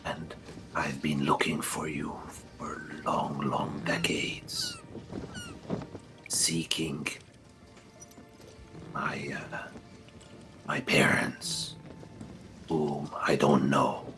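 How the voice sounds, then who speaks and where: A man playing a weary dragon-blooded adventurer in a tabletop game, whispering in an extremely low, gravelly voice. He draws his words out very slowly, and his pitch swoops widely. Clear music plays behind him. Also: huge pitch swings, heavily acted. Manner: very low, creaky, whispered delivery.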